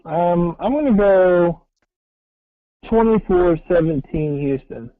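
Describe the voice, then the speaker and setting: A man's voice: sits high, animated, takes it slowly, no room sound, narrow, tinny audio. A man co-hosting a casual sports talk show, blunt and wry, swearing casually. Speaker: sports podcast co-host.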